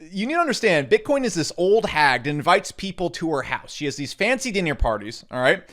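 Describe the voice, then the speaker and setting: A brash young man rants in a sarcastic, mocking way, his voice sitting a little high for a man. He lurches from sudden loud outbursts into quick mutters. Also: big pitch swings. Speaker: crypto YouTuber. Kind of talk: sarcastic rant to camera.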